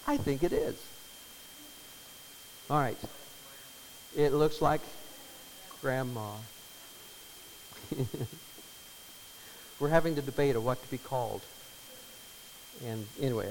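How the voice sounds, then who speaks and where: A man's voice: medium pitch, moderate pace, pauses often. A man in his fifties preaching a sermon as pastor, chatty and emotional, telling stories with many restarts. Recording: hall reverb, faint hum.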